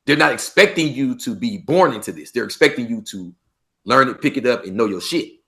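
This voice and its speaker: A man from Los Angeles with a Los Angeles accent, a podcast guest in casual interview talk, animated and acting out street dialogue. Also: mid-range voice, fairly quick, vocal fry. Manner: animated, acts out street dialogue, swears freely.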